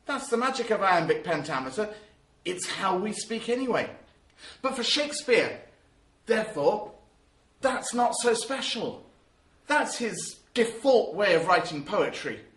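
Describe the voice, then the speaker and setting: Male teacher, emphatic and lively, fairly high voice, recorded in a roomy space. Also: a little slow. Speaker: drama teacher. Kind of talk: spoken lesson.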